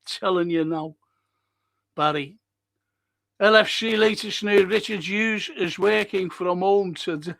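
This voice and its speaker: A man hosts a live podcast, talking off the cuff and swearing freely. His voice sits a little high for a man and carries a rough, gravelly fry. He rambles through his stories and answers his viewers' comments as they come. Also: a little slow, pauses often, a bit bright. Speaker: podcast host. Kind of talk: casual live-stream chat reading comments.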